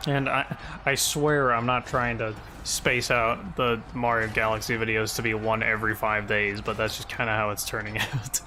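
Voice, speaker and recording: A man's voice: lowish voice, level tone, moderate pace, noisy background. A man giving casual gameplay commentary as a video creator, rambling with lots of fillers and chuckling at himself. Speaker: gaming YouTuber.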